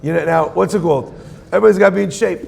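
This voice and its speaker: A man's voice: high voice, very fast, creaky, a little mellow, slightly rough. A man in his forties, a rabbi, giving a joking, conversational sermon and asking the audience questions. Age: 40s. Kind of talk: humorous sermon. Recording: long hall reverb.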